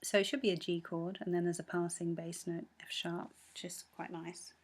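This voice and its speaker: A woman's voice: on the low side, little pitch movement, normal speed. Woman patiently walking through a score. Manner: explains patiently, sings melody fragments; frequent ums and self-corrections. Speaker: music teacher. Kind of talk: score analysis lesson.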